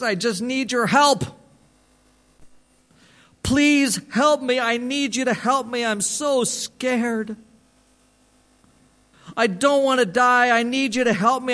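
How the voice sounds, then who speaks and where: A man doing a scared drunk man, pleading, strained, raised high and loud. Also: full character voice.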